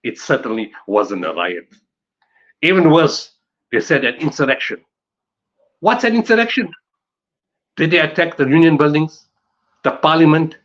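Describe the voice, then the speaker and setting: A man addresses a conference audience with emphatic, repeated build-ups and pointed rhetorical questions. His voice is mid-pitched, and the live recording sounds slightly dull. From South Africa. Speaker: conference speaker on disaster management. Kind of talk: conference talk.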